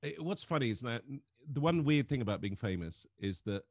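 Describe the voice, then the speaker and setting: An English man telling funny stories in casual chat, animated and often laughing as he talks. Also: mid-range voice, a little fast, no echo, clean studio sound. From England. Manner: animated storyteller, laughs through his stories. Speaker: comedian guest.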